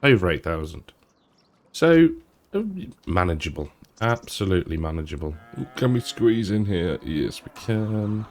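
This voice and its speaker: A man's voice: lowish voice, big pitch swings, slow pace, a little mellow, slight background noise. A middle-aged man rambling through casual gameplay commentary, with lots of ums and restarts. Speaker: gaming YouTuber.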